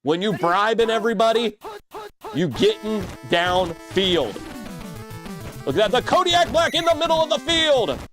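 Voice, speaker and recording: A man doing excitable, comedic play-by-play commentary on a video game football match, with crude jokes and shouts on big plays. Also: high-pitched, normal speed, music in the background.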